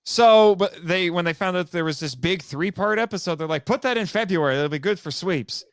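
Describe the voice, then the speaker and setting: Fairly high-voiced guy hosting a podcast, talks in loose rambling bursts, keeps correcting himself, laughs a lot, dry close sound with no room. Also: expressive, fairly quick, smooth, no room sound. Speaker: podcast host. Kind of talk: casual chat.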